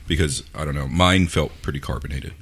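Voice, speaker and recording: Very deep husky-voiced man. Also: fairly even intonation, a bit bright. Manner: thoughtful, halting with fillers. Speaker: co-host. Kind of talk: casual chat.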